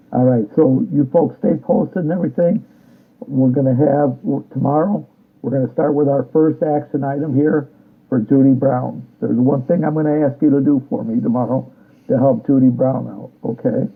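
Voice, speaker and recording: A man's voice: mid-range voice, fairly even intonation, normal speed, creaky, slightly rough. A man delivering a combative, repetitive political rant, often ending his sentences with a challenging "all right?". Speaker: political commentator. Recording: tinny phone-like sound.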